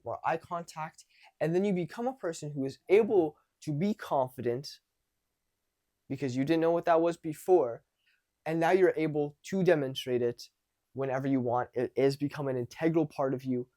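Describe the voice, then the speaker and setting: A man's voice: a little high, normal speed. Casual male coach giving advice to camera. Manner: animated, acts out example conversations; loose, conversational with frequent restarts. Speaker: social confidence coach.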